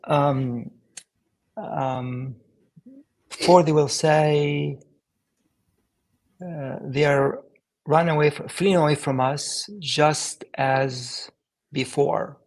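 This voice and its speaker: Husky, gravelly man reading haltingly. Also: fairly high pitch, steady tone, poor audio. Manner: halting, translating on the fly. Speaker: co-reader in a study group. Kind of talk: live Bible-reading discussion.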